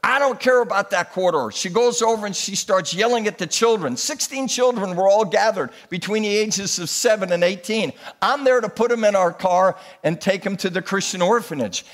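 A man in his sixties preaches from a church pulpit with a fairly high voice. He tells his stories in an animated way, his voice climbing and swelling as he exhorts his congregation. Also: moderate pace, hardly any pauses. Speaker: pastor. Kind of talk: sermon.

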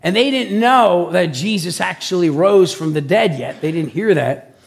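High, gravelly-voiced man preaching conversationally. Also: normal speed. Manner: animated, checks in with listeners by asking "okay?" and "right?". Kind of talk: conversational sermon.

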